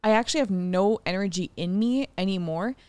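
A woman's voice: medium pitch, fairly quick, darkish tone, clean tone, no echo. A young woman co-hosting a podcast, telling a personal story candidly, swearing freely and laughing often. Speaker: podcast co-host.

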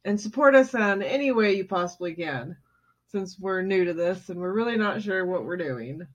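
A woman's voice: mid-range voice, expressive, normal speed. A woman co-hosting a podcast, dryly teasing her co-host in casual banter. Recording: dull lo-fi home recording.

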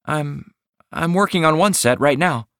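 A bashful young woman of about thirty , as a male narrator puts her on, speaks with a soft, breathy drawl, her voice lifted well above his own. She hesitates before her words, as in a storybook read aloud. The sound is close and dry. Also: fairly high pitch, unhurried, dry recording, pitched above the performer's own voice. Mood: shy. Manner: hesitant and shy. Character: shy sweet young woman caller, 29. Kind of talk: audiobook narration.

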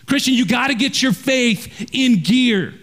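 A man's voice: extremely high pitch, expressive, measured pace, a bit bright. A male pastor preaching a verse-by-verse sermon in a direct, conversational way, often checking in with "right?".

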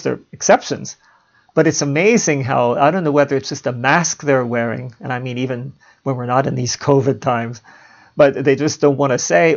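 Gravelly man musing on philosophy. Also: medium pitch. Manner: musing, chuckles at his own asides. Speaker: podcast host. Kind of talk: casual philosophical monologue. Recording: dull lo-fi home recording.

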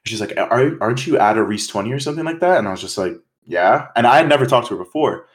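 A young man from Canada co-hosting a podcast, telling stories in casual, animated chat with swearing. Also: mid-range voice, fast talker. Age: young adult. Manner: animated storytelling, swearing, quoting others. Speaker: podcast co-host.

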